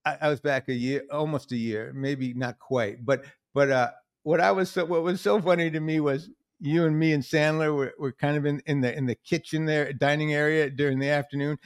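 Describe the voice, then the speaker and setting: Animated man telling stories, higher voice. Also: fairly quick, few pauses. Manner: animated storyteller, acts out quotes in other voices. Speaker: podcast host. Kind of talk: casual conversation.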